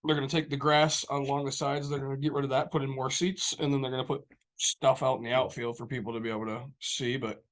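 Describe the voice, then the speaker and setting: A man's voice: mid-range voice, level tone, fast. A man in casual podcast chat, loose and easygoing as he talks. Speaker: podcast co-host.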